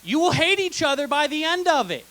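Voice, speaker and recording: Young female stand-up, very high and bright voice, sarcastic dry delivery, live theater stage mic. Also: very animated, fairly quick, low-quality recording. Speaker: stand-up comedian. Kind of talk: stand-up comedy set.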